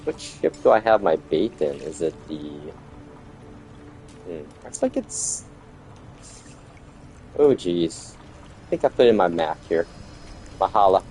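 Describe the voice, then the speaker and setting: A man's voice: sits low, slow pace, long pauses, soft background music. A man, casually chatting with viewers and rambling while he plays a game. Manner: relaxed, rambling, chats with viewers while playing. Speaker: game streamer. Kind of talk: casual gameplay commentary.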